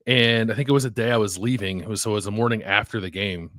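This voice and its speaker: A man's voice: fairly low pitch, steady tone, fast, no echo, studio quality. A man co-hosting a podcast, chatting casually and rambling with lots of fillers, trailing off at the ends of thoughts. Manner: rambling, heavy use of "like" and "uh", trails off softly. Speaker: podcast co-host. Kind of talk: casual chat.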